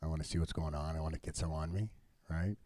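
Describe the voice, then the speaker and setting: A man's voice: very deep voice, fairly even intonation, fast talker, warm tone, dry recording. A middle-aged man telling a raw personal story, emotional and blunt, with swearing. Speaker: storyteller at a live event.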